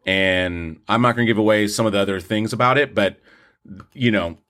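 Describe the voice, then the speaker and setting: A man's voice: fairly low pitch, a little fast, a bit bright. A man co-hosting a podcast, casually reviewing films in an opinionated, rambling way with lots of restarts. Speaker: podcast co-host, film reviewer. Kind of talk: casual movie review chat.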